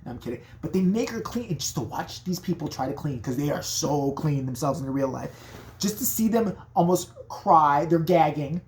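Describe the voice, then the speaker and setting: A woman telling a profane, rambling comedic story in a brash, animated way. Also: low voice, normal speed.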